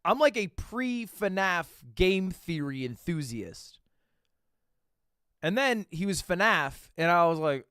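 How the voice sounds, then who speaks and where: A young man in his twenties talks over a video he is watching on stream. His voice sits a little high and swings widely, from loud outbursts to low asides. The sound is dry and close to the mic. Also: slow pace, clean tone, dry recording. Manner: animated, swearing, jumps between loud outbursts and mutters. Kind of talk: casual reaction commentary.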